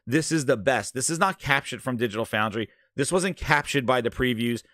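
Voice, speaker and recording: A man's voice: mid-range voice, expressive, fairly quick, sharp tone, no echo, clean studio sound. A man hosting a gaming channel, ranting in exasperated, sarcastic commentary over a video clip.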